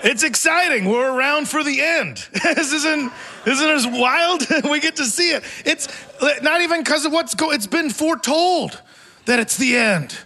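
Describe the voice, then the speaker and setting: On a theater stage before a live audience, a stand-up comedian in his forties runs through a rambling, self-mocking set, often laughing through his lines. His voice is extremely high, pushed and bright, and he takes his time while staying expressive.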